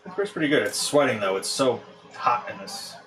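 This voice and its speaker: A man's voice: mid-range voice, brisk, soft background music, rough recording. A man from the United States casually chatting with his live-stream viewers while building a model in his apartment, wandering off mid-thought. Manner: relaxed, rambling, talks to chat while working. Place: hot apartment.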